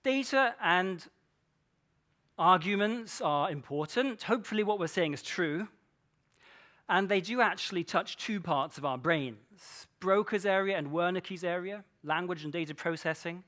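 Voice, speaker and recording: A man with a notably high voice gives a conference keynote from a stage mic. He speaks with playful energy and keeps the audience involved through rhetorical questions. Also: unhurried, bright, forceful tone. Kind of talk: conference talk.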